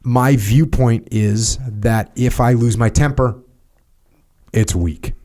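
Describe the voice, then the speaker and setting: Leadership is the topic as this American former Navy SEAL leader talks in a steady, matter-of-fact podcast chat sprinkled with casual fillers. His pitch is medium, and he takes it slowly.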